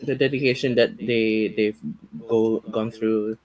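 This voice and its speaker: A man's voice: on the low side, steady tone, a little slow, crowd noise. A man as a podcast guest in casual chat, hesitant and full of fillers.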